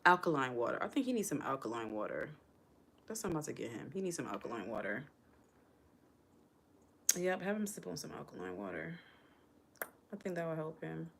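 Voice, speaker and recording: A woman's voice: sits low, sing-song, brisk, gravelly, pauses often, a bit bright, a little hiss or hum. A woman hosting a casual live stream, chatting with viewers and calling them y'all.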